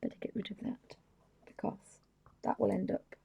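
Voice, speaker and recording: A woman's voice: medium pitch, fairly even intonation, normal speed, vocal fry, mellow, slightly rough, dull audio. A woman hosting a live painting tutorial, chatting casually and often dropping to a whisper, with rambling, apologetic asides at her home desk. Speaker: craft channel host.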